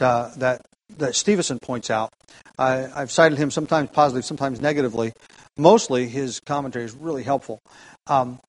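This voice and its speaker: Halting man teaching a Bible class. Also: mid-range voice, poor audio. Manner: halting, with many fillers and restarts, asks the class for verses. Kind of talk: casual Bible class lecture.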